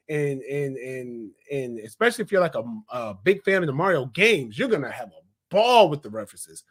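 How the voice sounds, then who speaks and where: A young man with a high voice reviews a film in loose, unscripted chat. Rambling from point to point with plenty of "like"s and restarts, he gets audibly excited about the parts he enjoyed.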